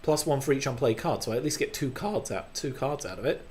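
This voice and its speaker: This man speaks quickly and expressively in a mid-range, slightly mellow voice. Running his gaming channel, he offers laid-back playthrough commentary, cursing freely and poking fun at himself.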